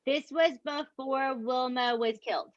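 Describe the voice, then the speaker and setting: A woman with a voice that sits high and moves a little slowly hosts a podcast, telling a true-crime story in casual, emphatic chat with her co-hosts. She's animated and profane, throwing emphatic asides their way. The dull, dry podcast mic picks up no echo.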